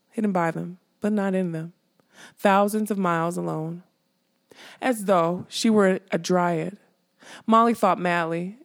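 Brief: female fantasy audiobook narrator, even and steady, slight vocal fry. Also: mid-range voice. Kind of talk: scripted narration.

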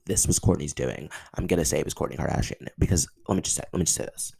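Male podcast host, very low and gravelly, excitable, stammering, profane. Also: fast talker, hardly any pauses. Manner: excitable, stammering, swears a lot. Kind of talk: casual podcast monologue.

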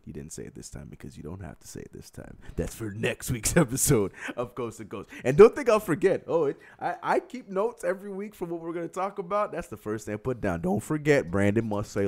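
A man hosting a casual live-stream quiz, teasing his co-host and laughing often, with faint music behind. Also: on the low side. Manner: teasing, laughs a lot, lively. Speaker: show host running a quiz.

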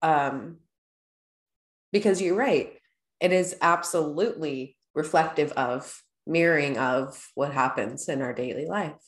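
A woman hosting an interview, calm and affirming as she asks her guest questions. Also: sits low, unhurried, roomy sound. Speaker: host. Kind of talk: interview, yoga talk.

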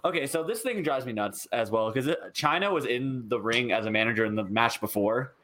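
A man co-hosting a podcast, ranting in an exasperated, fast way about a wrestling show. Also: mid-range voice, sharp tone. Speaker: podcast co-host. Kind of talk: casual wrestling review chat.

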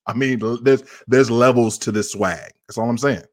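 A man's voice: mid-range voice, normal speed. A man hosting a podcast, hyped and playful, often stammering in casual chat. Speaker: podcast host.

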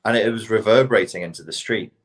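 Deep-voiced British man, animated ranting. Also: quick pace. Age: middle-aged. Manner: animated, ranting, swears freely. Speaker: podcast co-host. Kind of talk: casual podcast chat.

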